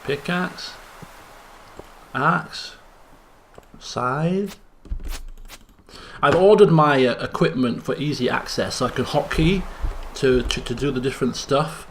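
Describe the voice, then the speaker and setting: A young man giving excitable let's play commentary, chattering and repeating phrases in bursts. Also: medium pitch, slow, pauses often, slight background noise. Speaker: gaming channel host.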